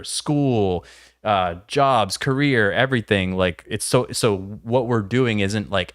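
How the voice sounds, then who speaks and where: A man's voice: lowish voice, a bit bright, no echo, studio quality. A man hosting a livestream, talking bluntly and opinionated, swearing casually as he reacts to clips. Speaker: livestream host.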